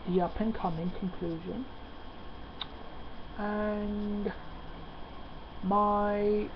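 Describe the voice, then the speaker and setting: A man giving a casual spoken review. He talks excitedly and often stops on "uh" and "um" mid-sentence. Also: sits high. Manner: excitable, halting with many fillers. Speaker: manga reviewer. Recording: lo-fi with steady background noise.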